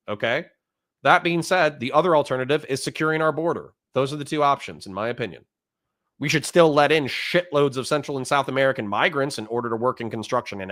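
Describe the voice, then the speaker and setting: A man's voice: mid-range voice, a bit bright, no echo, studio quality. A man hosting a political livestream, ranting in a heated, indignant way, swearing often and then apologizing while he reads chat messages aloud. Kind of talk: casual livestream commentary.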